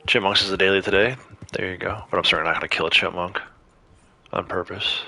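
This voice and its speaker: A man's voice: low voice, fairly even intonation, fast talker, vocal fry, sharp tone, breathy edge. A man giving casual, chatty commentary to viewers while playing a game on a livestream.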